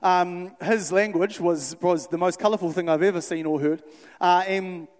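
A young man, a youth worker telling stories in a sermon, animated and conversational, acting out the dialogue. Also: sits high, moderate pace. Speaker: youth worker speaking to a church. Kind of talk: storytelling sermon. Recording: reverberant hall.

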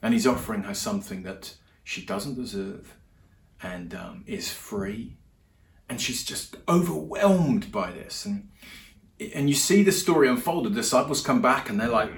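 A man's voice: mid-range voice, lively intonation, measured pace, creaky. Male preacher, chatty sermon, lots of restarts, roomy church echo. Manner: conversational storytelling with many restarts. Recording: roomy hall echo with faint ambience.

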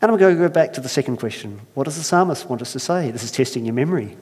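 A male pastor at a mid-pitched, ordinary level gives a sermon and reads a story aloud. He is conversational and self-deprecating and slows down for the storytelling. The voice carries a long reverb from a church hall. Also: lively intonation, a little mellow, breathy edge.

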